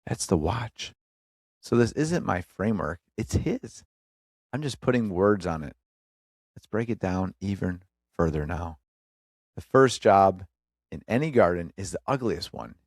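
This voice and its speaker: A man with a lowish voice gives an earnest, exhorting motivational talk as a podcast host. He speaks in short, punchy phrases broken up by pauses and calls the listener brother. The sound is dry and close, with no room echo. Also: animated.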